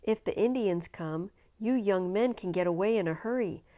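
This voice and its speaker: A woman's voice: medium pitch, moderate pace, warm tone, lightly acted. A woman voicing a fretful pioneer mother. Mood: worried. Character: anxious pioneer mother holding a baby.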